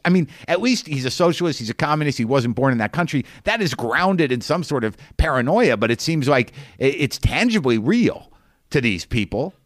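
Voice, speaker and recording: A man hosting a podcast, telling a rambling, incredulous comic story with quick restarts. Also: mid-range voice, dry recording, clean studio sound. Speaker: podcast host.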